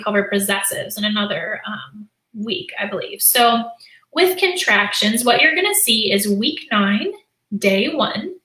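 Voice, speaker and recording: Woman, young adult, teacher, live lesson demo, explanatory, fillers, bright voice, roomy echo. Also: a little high. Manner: explanatory, modeling lesson prompts with many fillers. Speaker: teacher and literacy educator. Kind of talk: live-streamed teaching demonstration.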